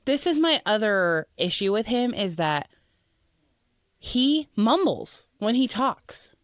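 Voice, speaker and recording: Woman, 30s, podcast co-host, bouncy high voice, laughs a lot. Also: slow, no room sound, clean studio sound. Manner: lively, laughs often, acts out quotes. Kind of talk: casual chat.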